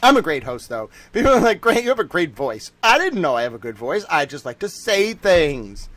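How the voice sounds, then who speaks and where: A high-pitched man hosts his livestream in a rapid, excitable rant, sometimes breaking into yells. His voice sits close and dry on the mic. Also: no echo. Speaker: livestream host.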